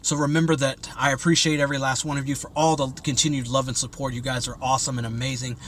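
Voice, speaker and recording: A man's voice: mid-range voice, flat delivery, fast, a bit bright, a little hiss or hum. A man vlogging in an agitated, preachy way, repeating himself as he reads out and rants about an article. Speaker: religious vlogger. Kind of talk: impassioned commentary to camera.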